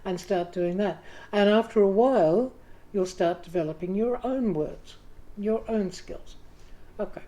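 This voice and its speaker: Warm and unhurried, with a mid-range voice, this writing group host talks chattily toward the camera. She pokes fun at herself in asides and voices her quoted inner thoughts theatrically.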